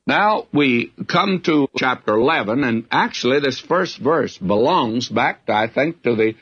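A man's voice: mid-range voice, animated, unhurried, fairly bright tone, husky, muffled recording. A man preaching a verse-by-verse sermon as a Bible teacher, in a folksy way with frequent asides.

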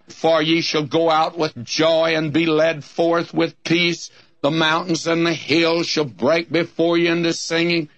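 Folksy bible teacher guy, kinda high voice, dry close sound, talks to you like a friend. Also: fairly bright tone, dry recording. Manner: folksy, addresses listeners as friend; reads scripture in old-fashioned wording. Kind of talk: recorded radio Bible study sermon.

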